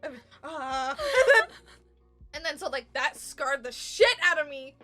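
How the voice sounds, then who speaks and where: Young adult woman, podcast co-host. High, bright, animated storyteller. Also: a little slow, faint music behind. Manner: animated, laughs often, acts out quotes loudly. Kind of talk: casual storytelling chat.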